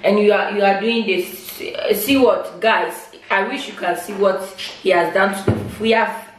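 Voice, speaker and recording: A woman's voice: medium pitch, moderate pace. A woman from Ghana, a vlogger, scolding her husband in exasperation during a casual mukbang video. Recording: echoey room, far from mic, noisy.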